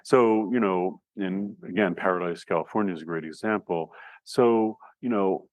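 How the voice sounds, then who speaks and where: A man's voice: sits low, moderate pace, no room sound. A man from the United States giving a recorded class lecture, thinking aloud with fillers and restarts. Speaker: instructor.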